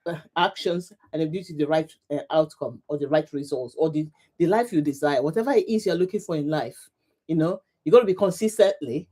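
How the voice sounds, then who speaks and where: On a motivational livestream, a middle-aged woman coach speaks in a dark, lowish voice. She greets viewers with frequent laughter and drives her points home through emphatic repetition.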